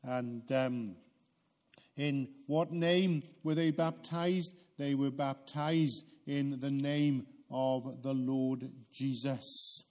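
A man's voice: medium pitch, steady tone, very slow, darkish tone. A man preaching a sermon in a church, earnest and emphatic. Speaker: pastor.

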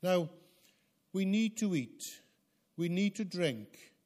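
Male preacher, slightly high voice, slow deliberate sermon delivery. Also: expressive, darkish tone. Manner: measured, earnest teaching with frequent hesitations.

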